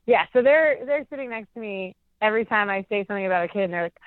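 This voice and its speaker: A woman's voice: mid-range voice, animated, quick pace, no room sound. A young woman chats through a story on a phone interview, rambling and full of "like"s. Her voice comes over a tinny, narrow phone line with no room sound at all. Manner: chatty, rambling, filler-heavy with many "like"s. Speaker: interview guest.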